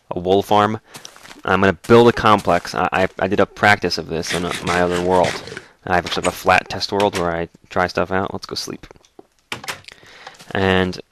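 Brief: man, dry throat, deep voice, relaxed rambling let's-play host. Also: a little hiss or hum. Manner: rambling, relaxed, narrates as he plays. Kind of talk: casual gaming commentary.

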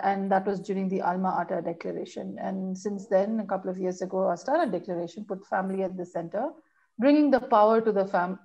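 A woman's voice: medium pitch, a little mellow, highs cut off. A woman speaking as a panelist in a public health discussion, often repeating words and restarting.

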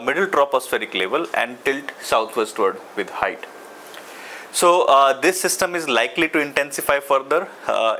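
A man with an Indian English accent presenting an official weather briefing, speaking haltingly with frequent "uh" fillers and restarts. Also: medium pitch, pushed and bright, a little hiss or hum, low-quality recording.

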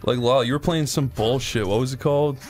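A man's voice: mid-range voice, fairly quick, darkish tone, faint music behind. A young man co-hosting a let's play, riffing bluntly and crudely in casual banter.

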